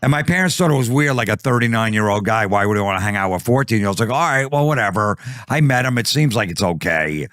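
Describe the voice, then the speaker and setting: Low-voiced man telling a profane story. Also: quick pace, few pauses, no room sound, studio quality. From New Jersey. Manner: profane, animated storytelling with acted-out quotes. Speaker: comedian guest. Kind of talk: comic storytelling.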